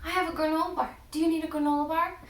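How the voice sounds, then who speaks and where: Woman doing a kind, reassuring helper guy, high and echoey. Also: little pitch movement, racing, recorded from a distance, slight background noise. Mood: caring. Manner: warm, reassuring. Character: kind, generous helpful man.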